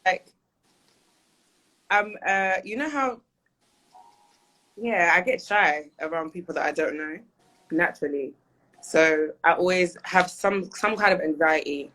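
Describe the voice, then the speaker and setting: A woman's voice: fairly low pitch, a bit bright. A woman guest talking candidly and chattily in an interview over a video call. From United Kingdom. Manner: chatty, candid, quick to laugh.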